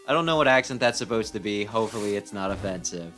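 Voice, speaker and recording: A man's voice: lowish voice, expressive, quick pace, hardly any pauses, fairly bright tone. A man giving casual, sarcastic commentary while playing a video game. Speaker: let's play host. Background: faint game music.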